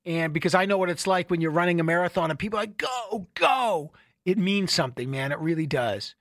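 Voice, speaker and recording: A middle-aged man hosting a radio show, telling stories in a casual, animated way with many restarts. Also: a little high, fast, no room sound, studio quality. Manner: conversational, animated storytelling with restarts. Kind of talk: casual talk radio monologue.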